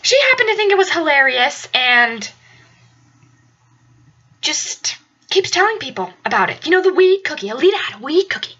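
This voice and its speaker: A young woman chatting through a story with a very high, bright voice that jumps up and down a lot. She rambles and hammers points home by repeating them. The recording sounds dull and lo-fi. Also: very animated, moderate pace, pauses often. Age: young adult. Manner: chatty, rambling, emphatic repetition. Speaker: vlogger. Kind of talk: casual storytelling.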